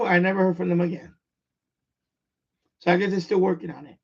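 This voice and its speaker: A man's voice: sits high, fairly even intonation, a little fast, vocal fry, pauses often, darkish tone, husky. A man with a New York accent, chatting casually and bluntly on a live stream, rambling and repeating himself. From born in Puerto Rico, raised in the Bronx. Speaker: radio hobbyist live streamer. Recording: dull lo-fi stream audio.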